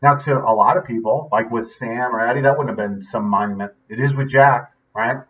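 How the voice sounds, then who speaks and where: This man's vlog offers casual motivation in an earnest, rambling style, with "right?" tacked onto many sentences. His mid-range voice is fairly bright, a little fast and fairly even in intonation, recorded dull and from afar.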